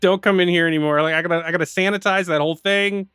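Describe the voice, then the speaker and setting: A man's voice: sits high, fairly even intonation, fast talker, pushed and bright, clear, resonant tone, no echo, faint music behind, pitched above the performer's own voice. A man voicing a nervous male snitch who pleads and frets. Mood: pleading. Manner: pleading, flustered.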